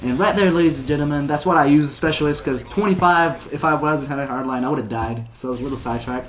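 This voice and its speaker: A fast-talking man with a fairly high voice commentates a game as he tells a long, wandering story. Constant "like" fillers run through it, and he occasionally laughs at himself.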